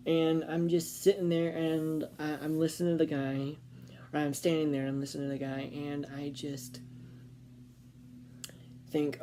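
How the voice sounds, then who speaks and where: A woman's voice: deep voice, little pitch movement, normal speed, mellow, slight background noise. A woman vlogger telling a casual storytime, rambling with fillers and restarts.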